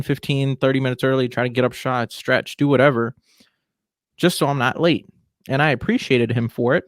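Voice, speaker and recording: A man's voice: medium pitch, no echo, clean studio sound. A man in his twenties hosting a podcast, giving a chatty, opinionated rant in a casual style. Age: 20s. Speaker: podcast host.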